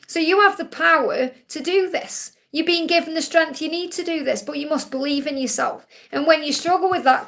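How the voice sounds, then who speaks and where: Woman doing a live card reading q&a, high voice w a bit of fry, reassuring, keeps saying okay. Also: a bit bright. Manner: reads out viewer questions and relays messages. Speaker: psychic card reader. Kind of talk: live-stream tarot Q&A.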